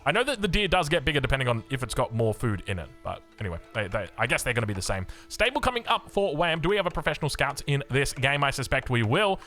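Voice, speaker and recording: A man's voice: fast, hardly any pauses, faint music behind. A young Australian man casting a strategy game, chatty and upbeat, wandering into rambling asides. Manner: chatty, rambling asides, lively swings in pitch. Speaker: game caster. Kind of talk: energetic esports commentary.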